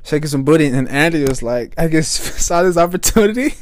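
A man's voice: fairly high pitch, expressive, fairly quick. A young man co-hosting a casual podcast, telling stories and often breaking into laughter mid-sentence. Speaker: podcast co-host. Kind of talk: casual chat.

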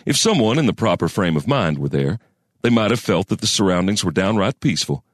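A man narrating a western story in a folksy storyteller cadence with deliberate pauses. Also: low-pitched, animated, dry recording, clean studio sound. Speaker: audiobook narrator.

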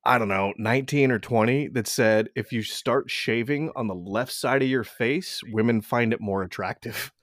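A man in his forties, co-hosting a podcast and telling profane, animated stories in casual chat. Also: medium pitch, moderate pace, few pauses, dry recording, clean studio sound. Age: 40s. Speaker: podcast co-host.

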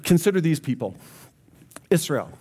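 A man's voice: on the high side, big pitch swings, moderate pace, dark tone, breathy edge. A man preaching a sermon as pastor, earnest and speaking directly to his congregation.

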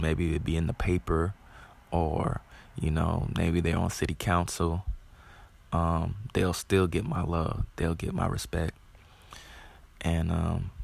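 A man's voice: sits low, gravelly, husky. A man hosting his own show, talking in a loose, rambling way with many fillers and restarts. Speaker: podcast host. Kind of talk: casual monologue.

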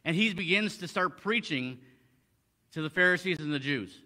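A man's voice: fairly high pitch, lively intonation, moderate pace, sharp tone. A man teaching a Bible passage in a conversational sermon, reading verses aloud and explaining them with frequent restarts. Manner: conversational, many restarts, quoting scripture in old English. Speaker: preacher.

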